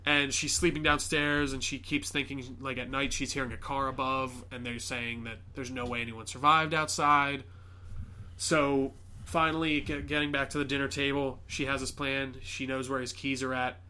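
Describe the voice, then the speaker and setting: A man's voice: mid-range voice, flat delivery, normal speed, bright, forceful tone. A man hosting a podcast, casually retelling a movie plot in a rambling way, full of fillers and swearing. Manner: rambling, many fillers and swearing, quotes characters. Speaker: podcast host.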